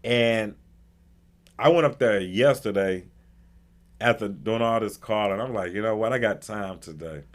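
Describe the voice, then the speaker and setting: A man hosting a talk radio stream, telling a personal story in an animated way and acting out the people in it. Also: fairly low pitch. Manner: acts out the people in his story with quick voice changes; emphatic and indignant.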